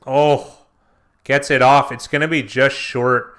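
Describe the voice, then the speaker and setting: A man co-hosting a casual sports watch-along stream, excitable and quick to react to plays. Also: medium pitch, clean tone. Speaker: co-host.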